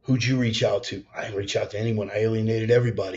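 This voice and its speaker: A man's voice: lowish voice, fairly even intonation, quick pace, hardly any pauses, darkish tone. A man preaching a raw, profane storytelling sermon, blunt and intense. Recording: slightly dull lo-fi sound.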